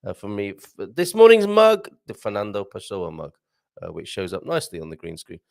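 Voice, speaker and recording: Man, easygoing live-stream host, animated delivery, reads chat aloud. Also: fairly low pitch, gravelly. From Britain. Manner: chatty, rambling, chuckles often, reads comments aloud, tries Portuguese phrases slowly. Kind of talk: casual live-stream chat reading viewer comments. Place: home studio with green screen.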